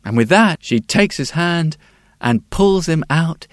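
A male storyteller unfolding a fairy tale slowly, his pitch lilting up and down and often sinking to a hush. The sound is dry and close to the mic. A faint guitar plays underneath. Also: animated. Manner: hushed, repetitive, lulling delivery.

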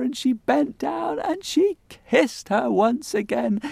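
A man telling a folk tale with unhurried, dramatic pauses and folksy asides, over guitar music. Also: high voice, creaky. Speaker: storyteller. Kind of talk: oral storytelling.

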